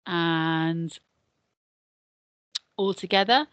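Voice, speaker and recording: A woman's voice: medium pitch, takes it slowly, pauses often, a bit bright, dry recording. An English woman teaching a beginner Spanish lesson, patiently drilling words and numbers. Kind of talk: recorded classroom lesson.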